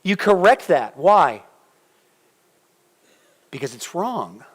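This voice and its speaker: A middle-aged man preaching a sermon in a church, conversational and animated, putting questions to the congregation. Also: high-pitched, slow. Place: church sanctuary.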